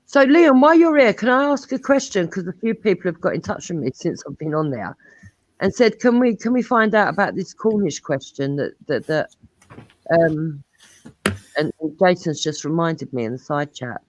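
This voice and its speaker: A woman's voice: on the low side, animated, normal speed. Chatty woman on dull call audio. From England. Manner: chatty, teasing, laughs between remarks. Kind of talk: casual live-stream chat.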